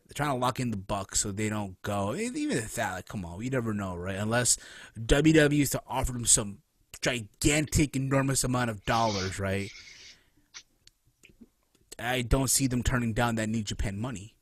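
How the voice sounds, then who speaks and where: A man hosting a casual wrestling podcast, animated and profane, who keeps tossing in "right?" between points. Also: medium pitch, moderate pace, no room sound. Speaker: podcast host.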